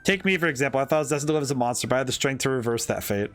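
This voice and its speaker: A man reading aloud the lines of an earnest young female fortune teller from a game, in a calm and sincere tone. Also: medium pitch, rapid-fire, faint music behind, natural voice. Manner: reads the dialogue aloud in his own voice, calm and sincere.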